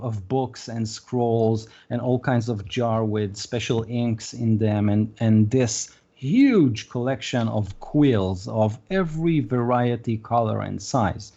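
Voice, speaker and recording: A man narrating as game master of a tabletop game, halting, with many pauses and "uh"s. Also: medium pitch, mellow, lo-fi sound. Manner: halting, full of "uh" and restarts.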